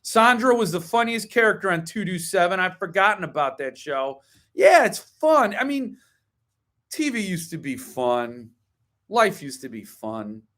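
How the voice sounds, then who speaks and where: Wry, grumbling book-chat host, slightly high. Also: male voice, very animated, moderate pace, sharp tone. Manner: opinionated, wry grumbling rants; chatty, digresses with ums and asides. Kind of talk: casual live-stream book chat.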